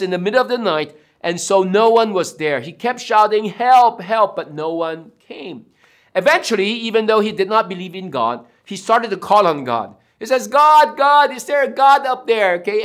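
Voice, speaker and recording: A man's voice: sits high, a bit bright. A man preaching a sermon as pastor, emphatic and given to dramatic storytelling.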